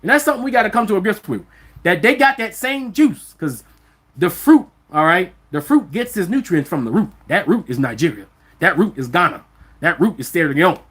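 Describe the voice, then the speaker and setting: An African American man holds forth on a live stream in a high, lively voice that swoops up and down. He talks emphatically and bluntly, heavy on profanity. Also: brisk, slightly rough. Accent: African American English. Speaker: vlog host.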